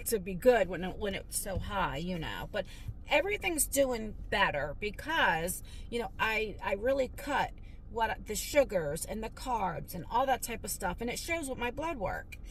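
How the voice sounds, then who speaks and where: Middle-aged woman vlogger, car vlog, anxious and halting, restarts a lot, loud car noise behind. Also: on the high side. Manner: worried, halting, with restarts and stutters. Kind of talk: casual vlog chat. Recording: noisy car interior.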